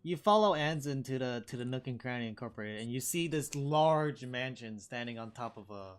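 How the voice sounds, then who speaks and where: Relaxed man narrating as dungeon master. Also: medium pitch, brisk, clean tone. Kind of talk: narrating a tabletop game.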